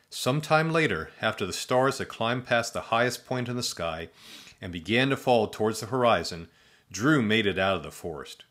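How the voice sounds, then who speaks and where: Male storybook narrator, low and deadpan, comic asides. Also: moderate pace.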